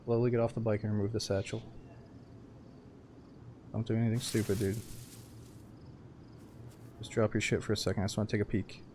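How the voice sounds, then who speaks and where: A man streaming a survival game, giving live commentary with excitable, profane, joking banter. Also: lowish voice, a little fast, pauses often, a little hiss or hum.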